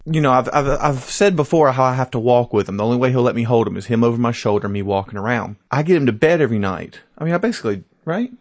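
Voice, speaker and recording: Man podcast co-host, wry, casual, mid pitch, dry close sound. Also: quick pace, hardly any pauses, no room sound. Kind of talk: casual chat.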